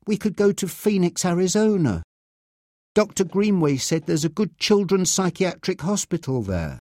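A man putting on a frightened mother from a read-aloud story, voiced higher than his narration and rising and falling often. She sounds anxious and tender, in a dry, close recording. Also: big pitch swings, normal speed, dark tone, no room sound. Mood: worried. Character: worried mother, adult woman, loving.

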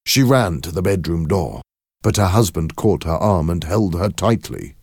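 A man narrating a scripted story in a measured, expressive way. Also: deep voice, husky, no echo, clean studio sound.

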